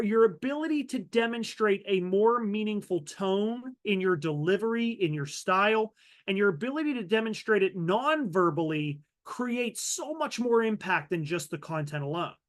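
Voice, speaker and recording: A man presenting a webinar training, talking with lively shifts in loudness and pace to drive points home. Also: high-pitched. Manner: animated, varies loudness and pace for emphasis. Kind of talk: virtual training talk.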